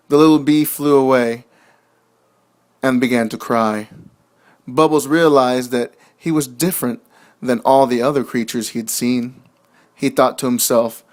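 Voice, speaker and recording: A young man reads a children's storybook aloud in a gentle, measured way. His voice sits at an ordinary middle pitch for a man. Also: steady tone. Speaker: narrator. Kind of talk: storybook narration.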